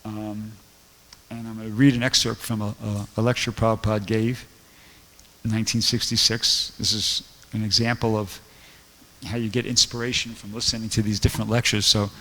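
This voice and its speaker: Guy with a gravelly voice doing a rambly temple class, lots of um and you know, big echoey hall. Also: lowish voice, level tone, moderate pace, sharp tone. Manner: rambling storytelling with many fillers. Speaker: temple lecturer. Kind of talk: casual scripture class.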